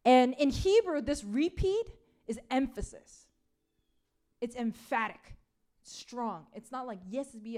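Speaking slowly in a high, mellow, animated voice, a woman preaches a casual sermon in a chatty way. She often says "like" and "right?" and repeats key phrases for emphasis.

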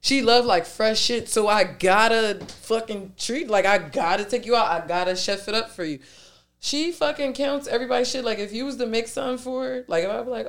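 A woman's voice: fairly high pitch, a little fast. A woman in her thirties hosting a podcast, telling brash stories with a laugh in casual chat. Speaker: podcast host.

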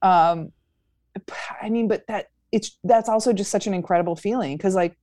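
A woman's voice: mid-range voice, normal speed, warm tone, no room sound, studio quality. A young adult woman comedian chatting in an interview, upbeat, with frequent fillers and restarts. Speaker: stand-up comedian guest. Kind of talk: casual interview chat.

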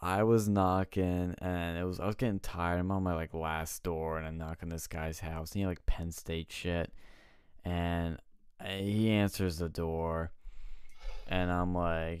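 A young man with a low, smooth, resonant voice tells stories in a relaxed chat and acts out the people he met. He swears freely, and the sound is close and dry with no room echo. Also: unhurried. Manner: animated storyteller acting out quotes, swears and laughs often. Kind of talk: casual chat, storytelling.

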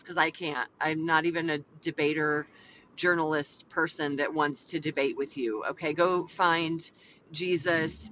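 A woman's voice: fairly low pitch, bright, forceful tone, slight background noise. A woman hosting a faith podcast, chatting casually, playfully talking to herself and breaking into exclamatory preaching. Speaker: podcast host. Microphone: podcast mic. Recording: dull lo-fi audio with faint music.

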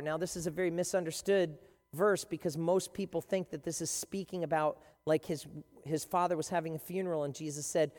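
A pastor preaching a sermon with animated, emphatic storytelling. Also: mid-range voice, a little fast. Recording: long hall reverb.

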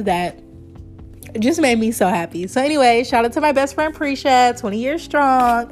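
A woman's voice: on the high side, normal speed, soft background music. A woman in her early thirties hosting her own podcast, talking in a chatty, rambling, heartfelt way and laughing often. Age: 30s. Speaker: podcast host. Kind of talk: casual solo podcast chat.

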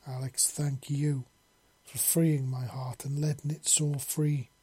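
Narrator doing a bashful scaly man, soft and sincere, dark mellow voice. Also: mid-range voice, little pitch movement, takes it slowly, husky, dry recording. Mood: tender. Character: shy, gentle scaly male creature.

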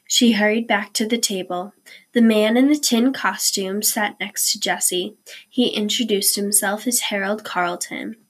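A woman reading a children's chapter book aloud in a clear, steady storytelling manner. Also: mid-range voice. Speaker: reader.

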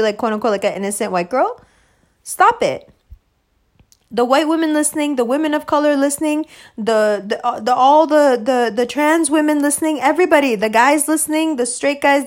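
A woman hosting a podcast in a casual, rambling monologue, blunt and emphatic, swearing heavily. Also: sits high. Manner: loose, rambling asides. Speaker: podcast host.

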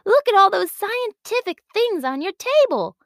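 A woman voicing an excited little girl in a storybook, eager and high-pitched. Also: normal speed, creaky, dry recording, clean studio sound, heavily acted. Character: excited little girl, curious about science.

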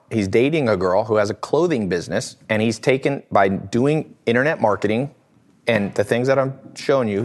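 A man hosting a casual livestream from home, answering viewer questions in a lively, joking way and often laughing. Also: on the low side. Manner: animated, laughs often, acts out quotes in funny voices. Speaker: host.

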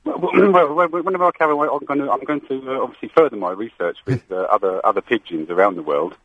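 A man's voice: mid-range voice, quick pace, husky, no room sound, phone-quality sound. A man calling in to a radio show, hesitant and full of ums, with a sheepish laugh. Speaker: radio caller. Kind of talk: phone-in call.

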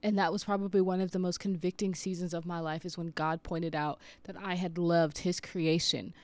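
A woman's voice: on the low side, level tone, moderate pace, no room sound. A woman in her thirties, a preacher, sharing an earnest, confessional story in a personal devotional talk. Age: 30s.

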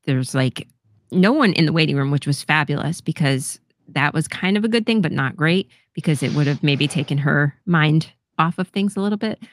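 A woman's voice: low voice, animated, normal speed, no room sound. A middle-aged woman telling a personal story on a podcast in a candid, casual way, swearing freely and laughing often. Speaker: podcast co-host.

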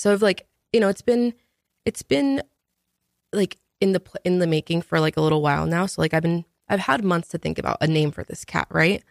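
A woman's voice: on the low side, brisk, vocal fry, no echo, studio quality. A woman producer joining a podcast, telling a story in a rambling way with many fillers. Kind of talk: casual chat.

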